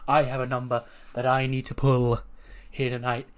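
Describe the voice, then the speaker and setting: A man's voice: mid-range voice, completely flat delivery, normal speed, natural voice. A serious male wrestler who plans every move, as a man puts him on. He speaks stiffly and formally, lecturing the people around him. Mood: stern.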